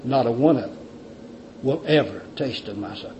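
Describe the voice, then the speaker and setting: A man's voice: medium pitch, moderate pace, a little hiss or hum, voice pushed down, natural voice. A man voicing a stern, wise male lord who is angry at the guests. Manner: authoritative, stern. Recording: dull lo-fi recording.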